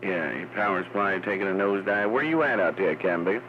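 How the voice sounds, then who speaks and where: Deep-voiced, easygoing CB radio man. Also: fairly quick. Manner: laid-back, drawling, says "man" often. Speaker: CB radio operator. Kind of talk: casual radio chat. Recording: muffled radio audio with static.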